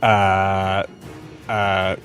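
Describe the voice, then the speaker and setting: A man's voice: low-pitched, monotone, a bit bright. Man, game master; laid-back, filler-heavy narration over faint music. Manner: casual, halting with many fillers.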